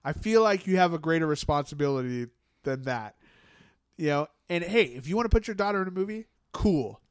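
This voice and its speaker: A man's voice: a little high, animated, a little fast, clear, resonant tone, dry recording, clean studio sound. A man co-hosting a casual chat, rambling and opinionated, with frequent restarts and fillers. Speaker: podcast co-host.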